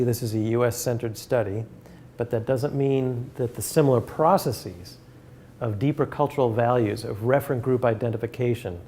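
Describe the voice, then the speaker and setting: A man giving an academic talk and taking questions from the audience, speaking earnestly and in a measured way, often restarting his sentences. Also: mid-range voice, dark tone, slight background noise. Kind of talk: lecture with questions.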